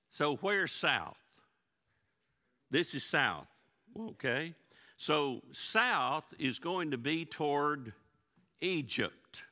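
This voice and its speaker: A pastor teaches his congregation a Bible lesson, his mid-range voice pushed and bright. The recording carries the long reverb of the church sanctuary, and he keeps things folksy and interactive by asking questions often.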